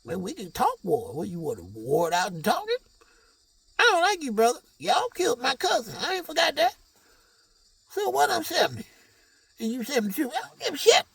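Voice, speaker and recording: A belligerent old gang member in his seventies, put on by a man, cursing and threatening in a shrill, raised voice. His tone is gravelly and husky and swings widely. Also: huge pitch swings, a little fast, a bit bright, dry recording, far from the mic, full character voice. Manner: rowdy, cursing, high-pitched threats.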